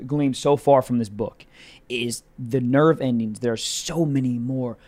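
A young man co-hosting a comedy podcast, talking crudely and animatedly, swinging between loud bursts and low drawn-out lines. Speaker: podcast co-host.

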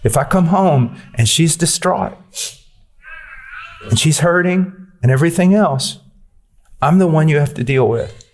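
A man's voice: a little high, expressive, unhurried, pauses often, darkish tone. A man preaching a sermon, blunt and personal in the way he talks.

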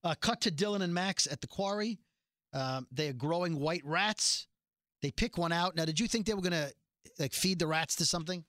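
A man's voice: on the high side, normal speed, a bit bright, no echo, studio quality. A man casually recapping a TV episode as a podcast host, chatty and joking, with rambling asides. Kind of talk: casual chat.

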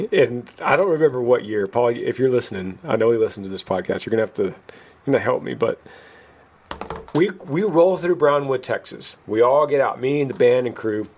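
A man hosting a podcast, telling a story in casual chat and acting out the quoted lines with a lifted voice. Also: mid-range voice. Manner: animated, acts out quoted lines in a raised voice; laughs at himself mid-story. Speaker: podcast host.

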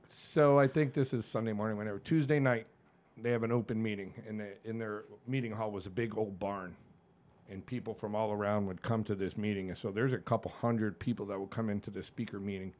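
A man's voice: fairly low pitch, fairly quick. A middle-aged man telling his own story candidly in a casual podcast chat, swearing freely and acting out what others said. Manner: candid, profane, animated storyteller. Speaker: guest.

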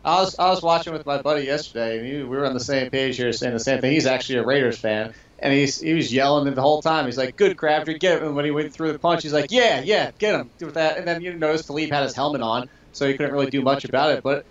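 A man in casual sports talk, chatty and quick, telling a personal story with laughs. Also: medium pitch, steady tone. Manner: fast, chatty, laughs through stories. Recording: roomy, distant, dull mic.

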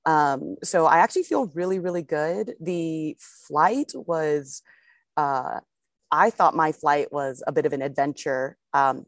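A woman's voice: low voice, no room sound, clean studio sound. A young woman, a pro golfer co-hosting a podcast, chatting casually in a rambling, easygoing way with frequent laughs.

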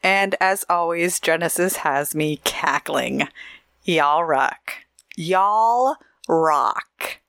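Slow-talking giggly woman podcast host. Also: fairly low pitch, no room sound, studio quality. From Oregon, USA. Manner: giggly, chatty, reads shout-outs and promos. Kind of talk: casual podcast chat.

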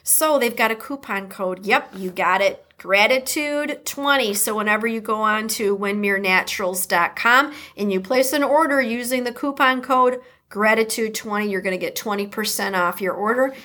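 A woman's voice: medium pitch, normal speed, hardly any pauses, bright, forceful tone. A woman with a Midwestern accent hosting a podcast, chatty and upbeat, reading her intro and sponsor message with playful asides. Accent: American Midwestern. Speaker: podcast host.

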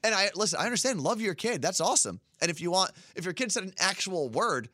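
A man co-hosting a podcast, ranting in animated, exasperated casual chat. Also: high-pitched, quick pace, no room sound, studio quality. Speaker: podcast co-host.

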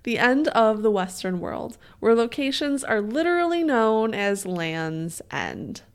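A woman's voice: a little high, sing-song, measured pace, smooth. A playful woman co-hosts a casual chat podcast. She reads listener letters aloud and drops giggly jokes between lines. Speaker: podcast co-host.

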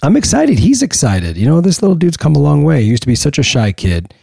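A man's voice: fairly high pitch, fast talker, gravelly, slightly rough, no echo, clean studio sound. Easygoing man co-hosting a podcast. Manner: relaxed, easygoing, a few fillers. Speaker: podcast co-host. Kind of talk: casual chat.

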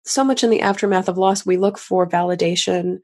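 A woman hosting a podcast, asking thoughtful questions in a relaxed conversational interview. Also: lowish voice, a little fast. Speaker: podcast host.

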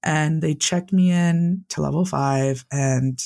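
A man's voice: a little high, slow pace, creaky, a little mellow. A man being interviewed, earnestly recounting his own Navy experience and leaning on "like" as a filler. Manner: earnest, heavy use of "like" fillers. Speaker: interview guest, Navy veteran. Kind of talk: candid personal storytelling.

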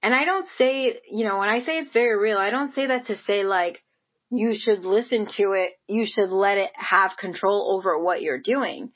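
A woman's voice: mid-range voice, moderate pace, a bit bright, rough recording. A woman giving an earnest, encouraging motivational talk, speaking casually with frequent "like" and "right?" and laughing lightly between phrases. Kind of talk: motivational monologue to camera.

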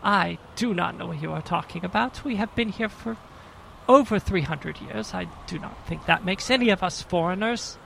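A self-righteous prison guard who stammers through lectures and threats, as a man puts him on for a tabletop game. His voice sits high with a gravelly fry underneath, and faint noise hums behind it. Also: moderate pace, a bit bright, full character voice, rough recording. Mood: threatening. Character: pompous stammering male prison guard, middle-aged. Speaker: game master. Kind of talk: in-character tabletop role-play.

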